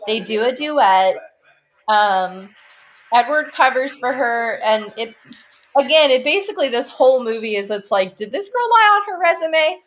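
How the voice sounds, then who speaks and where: A woman's voice: fairly high pitch, lively intonation, normal speed, a bit bright. A young woman from Illinois hosting a casual movie commentary, chatty and gushing, with lots of "like". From Illinois, USA. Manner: chatty and gushing, says "like" a lot. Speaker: podcast host.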